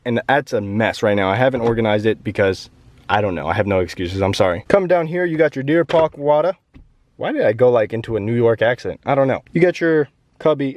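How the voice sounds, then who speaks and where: A man's voice: mid-range voice, dry recording. A young man giving a chatty, joking walkaround review of his pickup truck, talking to the camera from inside and around it. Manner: chatty and joking, lively ups and downs.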